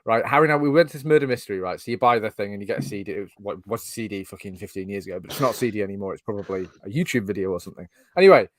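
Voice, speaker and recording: A man's voice: fairly low pitch, lively intonation, very fast, hardly any pauses, no room sound, clean studio sound. A man co-hosting a casual podcast, telling rambling stories and laughing often. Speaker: podcast host.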